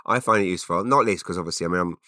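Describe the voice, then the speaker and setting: A man's voice: deep voice, racing, sharp tone, no echo, clean studio sound. A man, hosting a rambling solo podcast, full of wry asides and self-interruptions. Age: 40s. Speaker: podcast host.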